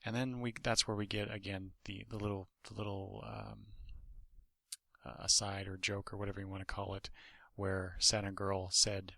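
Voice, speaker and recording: A man with a low, gravelly voice that stays bright and edgy, casually reviewing a comic. He rambles through restarts and asides. The recording is dry and close. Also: little pitch movement, moderate pace, no room sound. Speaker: podcast host and comic reviewer.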